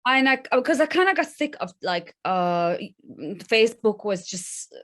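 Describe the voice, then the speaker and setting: A woman's voice: a little high, expressive, normal speed. A woman from Poland with a Polish accent, a guest in a casual interview, talking with many fillers and restarts and laughing often. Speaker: podcast guest.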